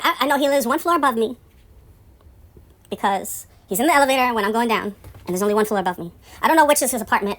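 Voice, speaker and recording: A woman telling a story about her building in a casual monologue, rambling and profane, turning indignant and loud when exasperated. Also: fairly high pitch, lively intonation, quick pace.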